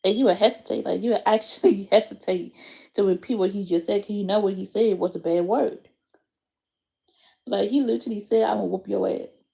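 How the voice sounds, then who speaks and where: A woman with tells a casual story in a gravelly, mellow mid-pitched voice. She is animated and swears freely, leaping up in pitch when she acts out quotes. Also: a little fast. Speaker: aunt telling a story.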